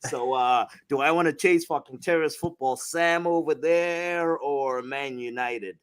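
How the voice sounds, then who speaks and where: A man's voice: on the high side, measured pace, a bit bright, clear, resonant tone. A man co-hosting a sports betting podcast, boisterous and teasing, repeating phrases for emphasis. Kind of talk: casual podcast banter.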